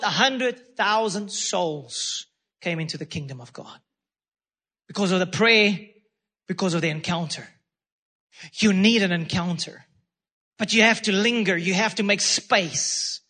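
A man's voice: high-pitched, moderate pace, sharp tone. A man preaching a sermon as pastor, fervent and repetitive, calling out praise between points. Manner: fervent preaching with repeated phrases and exclamations.

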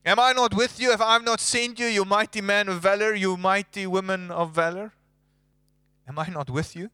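A preacher putting on a firm, commanding divine voice that presses its questions steadily. The voice stays crisp and dry. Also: male voice, fairly even intonation, normal speed, pushed and bright, dry recording. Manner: firm, lowered and insistent.

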